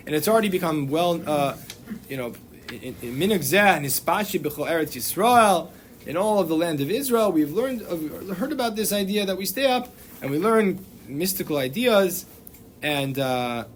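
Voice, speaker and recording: A man teaching a class in a loose, conversational lecture, his voice sitting a little higher than most men's. He wanders off on tangents and restarts his sentences often, with plenty of fillers. Faint noise hums behind him. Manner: digressive, many fillers and restarts. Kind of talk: informal lecture.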